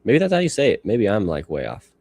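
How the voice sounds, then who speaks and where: A man's voice: fairly low pitch, huge pitch swings, quick pace, a little mellow, breathy edge. A man in his thirties streaming live as he edits photos, rambling and talking to himself while he works. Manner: rambling self-talk, musing aloud. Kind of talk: casual livestream commentary while working.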